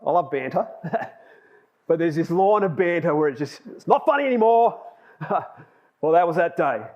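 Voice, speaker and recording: Aussie bloke preaching, chatty storyteller, bit high voice, dull lo-fi sound. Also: male voice, expressive, normal speed. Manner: chatty storyteller, laughs at himself. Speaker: lay preacher. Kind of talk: sermon with personal anecdotes.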